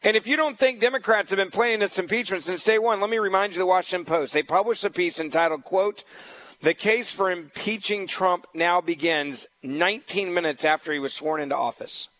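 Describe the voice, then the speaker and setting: A man's voice: high-pitched, quick pace, few pauses, a bit bright, rough recording. A man hosting a political talk radio show as a fill-in, talking in an emphatic, combative way and repeating points for stress.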